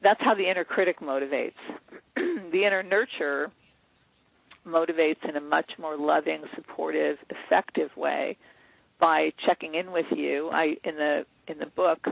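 Guy talking earnestly on a phone line, kinda gravelly, tinny and dry. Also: a little high, steady tone, a little slow, dry recording. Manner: earnest, teaching, acts out inner dialogues. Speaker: author and guest. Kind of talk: explanatory interview talk.

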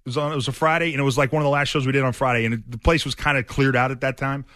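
A man's voice: medium pitch, fairly even intonation, rapid-fire, fairly bright tone, dry recording, clean studio sound. A man hosting a sports radio show, telling stories in a loose, rambling way with many fillers and restarts. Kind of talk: casual sports talk storytelling.

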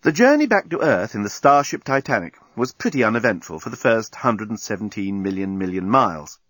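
Male audiobook narrator, wry and animated. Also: on the low side, fairly quick, no echo.

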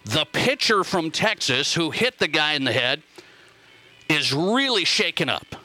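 A man's voice: fairly high pitch, very animated, unhurried, sharp tone, soft background music. A man hosting a sports radio show, talking in a rambling monologue that repeats phrases and puts questions to the listeners. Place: radio studio.

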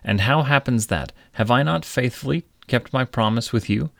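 A man voicing a calm, wise magical stranger who asks measured, probing questions in a storybook reading. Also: medium pitch, vocal fry, no room sound, clean studio sound, voice pushed up.

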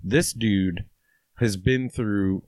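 Lower-voiced rambling man in film talk. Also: very slow, darkish tone, dry recording. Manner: rambling, profane, searches for words. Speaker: podcast co-host. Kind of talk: casual film discussion.

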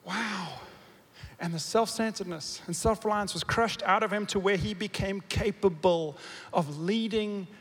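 A man preaching a sermon, swinging from loud emphatic bursts to quiet low asides and asking the congregation questions. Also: unhurried, breathy edge. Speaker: pastor. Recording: long reverb of a big hall.

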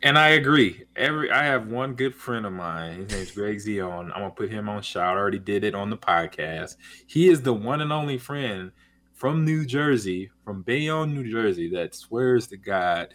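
Deep-voiced laid-back male radio guest. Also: lively intonation, normal speed, pushed and bright. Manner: laid-back, rambling, with many fillers. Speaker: guest, former football player. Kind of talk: sports radio talk.

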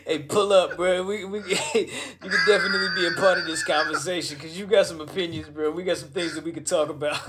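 A man co-hosting a casual wrestling podcast, excitable, laughing often and repeating himself. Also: on the high side, a little fast, hardly any pauses, very noisy. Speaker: podcast co-host.

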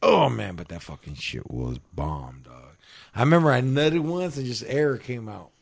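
A man's voice: mid-range voice, sing-song, moderate pace, creaky, slightly rough, no room sound, clean studio sound. A young man chatting casually with friends, crude and joking, full of slang. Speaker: friend in group chat. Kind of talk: casual chat.

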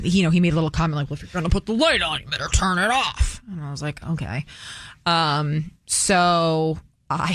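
A woman's voice: low-pitched, no echo, studio quality. A woman hosting a radio call-in show, chatting casually and laughing as she tells stories.

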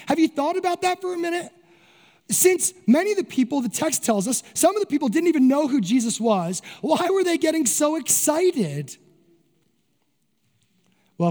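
A man preaches with animated energy, acting out crowd voices and firing rhetorical questions at his congregation. His voice sits very high for a man. The sound rings with the long reverb of a church hall. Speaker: pastor. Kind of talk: sermon.

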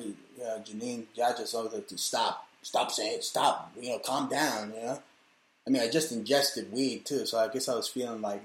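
Profane, rambling male rant host. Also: medium pitch. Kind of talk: ranting comedic monologue. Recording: roomy echo.

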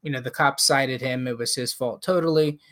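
Man, casual chat, animated storytelling, mid-pitched voice. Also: normal speed. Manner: animated storyteller, acts out quotes.

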